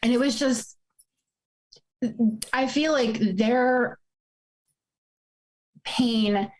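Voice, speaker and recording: A woman's voice: fairly high pitch, extremely slow, darkish tone, a little hiss or hum, rough recording. A woman in her forties telling a painful personal story, fighting back tears as she speaks. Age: 40s. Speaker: guest.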